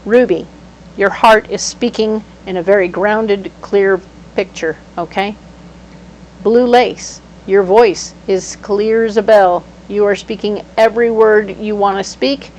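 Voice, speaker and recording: A woman giving a casual tarot reading, animated and playful, breaking into sudden exclamations. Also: medium pitch, unhurried, slight background noise, rough recording. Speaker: tarot reader.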